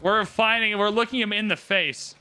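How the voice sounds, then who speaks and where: A man commentating a live game stream, excitable and theatrical, swinging from shouts to mumbled asides. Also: high voice, normal speed, slight background noise. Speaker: livestream host commentating an AI game tournament.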